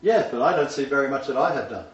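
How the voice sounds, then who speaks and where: A man's voice: mid-range voice, animated, fast talker. A man preaching a sermon to a small congregation, speaking emphatically and raising his voice when he quotes scripture. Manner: emphatic, builds to raised voice when quoting God. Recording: roomy echo, distant mic, dull sound.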